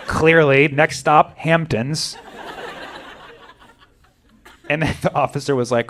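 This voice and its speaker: Stand-up comic, male, slightly high voice, profane riffing delivery, acts out the people in his bits. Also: moderate pace, few pauses, fairly bright tone, slight background noise. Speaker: stand-up comedian. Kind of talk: stand-up set.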